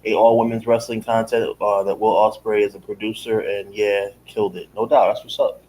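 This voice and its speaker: A man co-hosting a wrestling podcast, chatting in a relaxed way and answering with short affirmations. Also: lowish voice, fairly quick, slight background noise, rough recording. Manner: laid-back, short affirmations. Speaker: podcast co-host. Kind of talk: casual live-stream chat.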